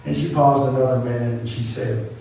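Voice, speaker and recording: A man's voice: mid-range voice, fairly even intonation, a little fast, creaky, mellow, a little hiss or hum. A man preaching a sermon, telling a story with earnest, repeated emphatic phrases. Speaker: pastor. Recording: very echoey room from far off.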